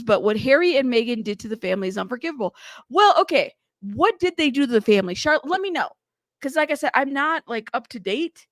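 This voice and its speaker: Chatty woman with a gravelly edge. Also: a little high, no room sound, clean studio sound. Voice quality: frequent cussing, laughs often. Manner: chatty, teasing, rambling with many fillers. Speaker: livestream news host. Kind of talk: casual livestream chat, reading viewer comments.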